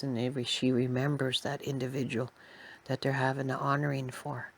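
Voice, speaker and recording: A woman telling a personal story in a soft, quiet, unhurried way. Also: very deep voice, level tone, dry recording.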